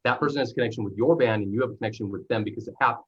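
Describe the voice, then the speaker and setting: Husky man on dull lo-fi audio. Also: mid-range voice, very fast, fairly bright tone. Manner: earnest, rambling, many restarts. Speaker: podcast host. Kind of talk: casual podcast interview.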